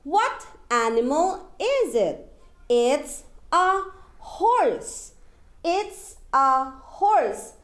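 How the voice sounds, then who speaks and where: A woman with a Taiwanese accent teaching young children, speaking in a slow, exaggerated, drawn-out way, making animal sounds and singing. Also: sits high, big pitch swings, fairly bright tone, reverberant. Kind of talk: slow sing-song lesson for young children.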